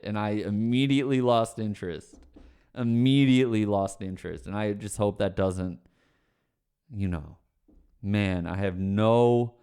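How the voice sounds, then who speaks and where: A man's voice: fairly low pitch, a little mellow, clear, resonant tone. A man on a livestream chatting casually with viewers, ranting, swearing and then apologizing with a laugh. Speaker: streamer answering chat questions.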